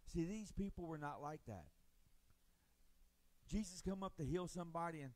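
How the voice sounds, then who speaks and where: A man preaching a sermon as pastor, rising into loud passionate swells and dropping low, acting out the voices of doubters. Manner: preaching with swells of volume and dramatic pauses; acts out voices of doubters and biblical figures.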